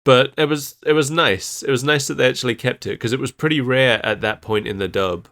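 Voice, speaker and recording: A man's voice: mid-range voice, fairly quick, fairly bright tone. A man co-hosting a podcast, casually chatting and often laughing mid-sentence. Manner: giggly, laughs through sentences. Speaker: podcast co-host. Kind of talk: casual chat.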